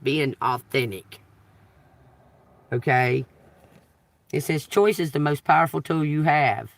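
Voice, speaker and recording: A man's voice: a little high, takes it slowly, vocal fry, pauses often, no echo. A man, reading scripture on a tarot livestream and riffing on it casually, asking "okay?" over and over. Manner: reads scripture then riffs casually, repeats "okay?" often; emphatic, swears and laughs while preaching. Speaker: tarot reader.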